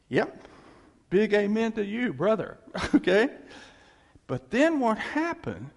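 A man preaching a sermon in a lively, conversational way, checking in with his congregation. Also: high-pitched, slow, vocal fry, long pauses. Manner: animated, conversational preaching with audience call-backs. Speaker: pastor. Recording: long hall reverb.

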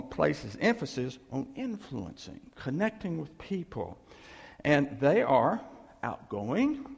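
A male pastor giving a conversational sermon, animated, checking in with the listeners and asking "okay?" again and again. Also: fairly high pitch, vocal fry, husky, long reverb tail.

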